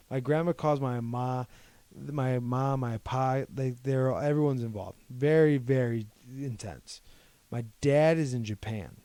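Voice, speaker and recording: This is a young man from Ohio, co-hosting a podcast and rambling through a long story from his own life, quoting people's words as he retells it. His medium-pitched voice is dark, clear and resonant, delivered at normal speed with no echo in this casual chat.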